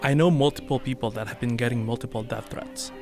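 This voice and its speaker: A man's voice: medium pitch, steady tone, fast, a little mellow, faint music behind. A man answering interview questions, telling his story in a plain, direct way.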